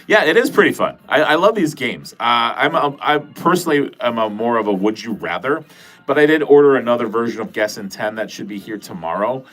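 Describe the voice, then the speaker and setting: A man's voice: mid-range voice, brisk, faint music behind. Nasal man with a Wisconsin accent. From Wisconsin, USA. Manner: rambling, animated, swears casually. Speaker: livestream host. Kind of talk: casual livestream chat with viewers.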